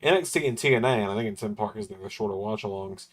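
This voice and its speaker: A man with a lowish voice hosts a wrestling watch-along stream. He talks casually and loosely, drifting from point to point with a chuckle here and there. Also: fast. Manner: rambling, laid-back, chuckles now and then. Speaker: livestream host.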